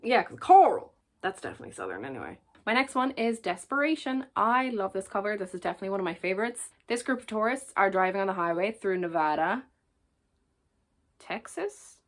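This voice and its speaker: A woman's voice: medium pitch, sing-song, fast talker, few pauses, a bit bright. A woman talking casually to the camera as a book reviewer, chatty, jokey and enthusiastic.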